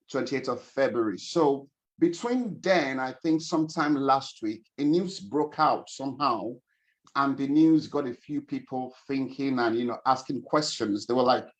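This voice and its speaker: A man's voice: medium pitch, a bit bright. A man, a financial coach hosting an online webinar over a video call, chatty and upbeat, greeting attendees by name.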